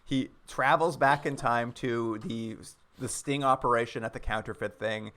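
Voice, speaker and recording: Bright-voiced man with wry recaps. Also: mid-range voice, steady tone, moderate pace. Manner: wry recaps, laughs often. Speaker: podcast co-host. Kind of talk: casual chat.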